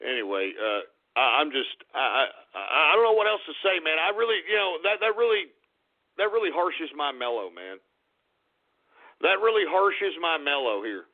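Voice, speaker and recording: A man hosting a radio talk show, ranting in an irate, profane way and swinging between shouts and mutters. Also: fairly high pitch, very animated, normal speed. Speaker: radio host. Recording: tinny phone-like radio audio.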